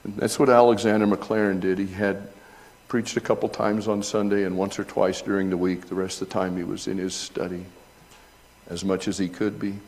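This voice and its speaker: A middle-aged male pastor preaching a sermon, reading from an old essay and rising to loud, high emphasis when retelling scenes. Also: little pitch movement, a little fast, big-room sound. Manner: reads aloud from an old essay between remarks.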